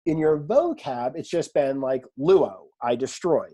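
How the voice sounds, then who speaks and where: A man teaching a language class in a relaxed lecture style, chatty and self-deprecating, often quizzing his students. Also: a little high, unhurried, breathy edge. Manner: conversational, self-deprecating, asks the class questions. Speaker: Greek teacher.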